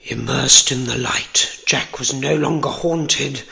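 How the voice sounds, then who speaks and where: A man reading a storybook aloud in a gentle ASMR whisper. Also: medium pitch, vocal fry. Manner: slow, gentle, soothing whisper.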